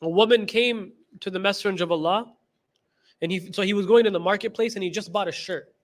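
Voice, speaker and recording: Man, high voice, class lecture, religious teacher, emphatic, repeats phrases. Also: fairly quick. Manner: retells stories with quoted dialogue.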